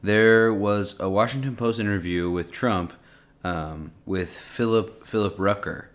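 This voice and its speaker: This podcast co-host has a fairly low voice and a measured pace. In a casual chat, he reads a transcript aloud, sounding hesitant and filling it with "like"s and restarts.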